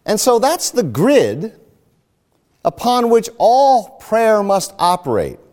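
A man's voice: sits high, a little mellow. A man preaching a sermon, explaining a scripture passage step by step.

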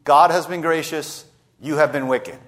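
A man's voice: on the high side, moderate pace. A man preaching a sermon, retelling a scripture story and voicing the people in it. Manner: lively storytelling preacher, voicing quoted speakers. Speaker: pastor.

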